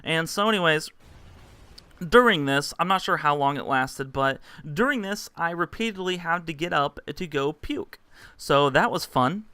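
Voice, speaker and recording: A young man vlogging a rambling story, tossing in fillers and little acted-out quotes. His voice is bright and crisp, a touch higher than most men's, and the recording sounds close and dry. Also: animated, moderate pace, dry recording. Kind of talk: casual storytelling to camera.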